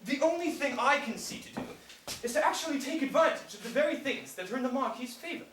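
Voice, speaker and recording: An actor playing a wry scheming gentleman. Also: high voice, expressive, fast. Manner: wry, theatrical, plotting. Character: scheming gentleman plotter, witty and theatrical. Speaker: stage actor. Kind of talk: live stage play acting. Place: theater stage. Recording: echoey stage from far, noisy.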